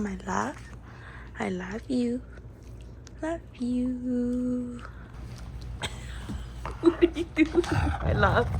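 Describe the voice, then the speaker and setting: Slow, doting mom cooing to dogs. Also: female voice, a little high, gravelly, background noise. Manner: doting baby talk to her dogs. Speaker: stay-at-home mom vlogger. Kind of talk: casual vlog narration. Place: home indoors.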